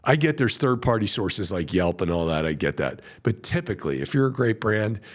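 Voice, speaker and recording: A man's voice: fairly low pitch, a little fast. A middle-aged man, a veteran wholesaler talking in a conversational coaching way and acting out client quotes as he goes. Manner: animated storyteller, acts out client quotes.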